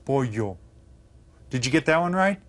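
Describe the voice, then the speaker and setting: A man teaches a recorded lesson in an even, mid-pitched voice. He sounds out words syllable by syllable and keeps checking in with encouraging questions. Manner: patient, slow enunciation of words; encouraging, asks students questions. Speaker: Spanish teacher.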